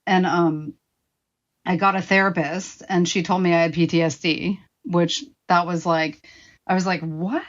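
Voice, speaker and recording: A woman's voice: lowish voice, steady tone, a little slow, highs cut off. A woman in her forties, a guest telling her own story frankly and with swearing, acting out her past remarks. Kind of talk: candid personal storytelling.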